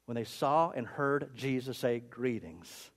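A pastor delivering a sermon with a high-pitched, highly expressive voice that leaps up and down. He repeats himself for emphasis and pokes fun at his own jokes. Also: normal speed. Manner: animated, repetitive, self-mocking humor.

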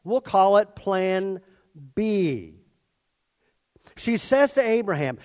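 A man's voice: sits high, a little slow. A man preaching a conversational sermon and acting out the characters in his story. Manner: expressive, conversational, acts out characters. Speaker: pastor.

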